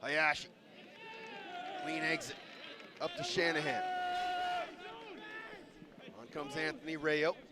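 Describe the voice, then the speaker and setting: A man calling a lacrosse game live, rattling off names quickly and shouting on goals and saves. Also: on the high side, huge pitch swings, background noise. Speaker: play-by-play commentator. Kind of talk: live sports commentary. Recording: loud stadium crowd behind.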